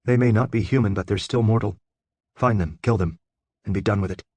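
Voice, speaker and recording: A cold, zealous schemer, as a male audiobook narrator puts him on speaks in calm, clipped, dismissive lines. The voice sits low and husky. The recording is close and dry. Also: fairly quick, no echo, natural voice.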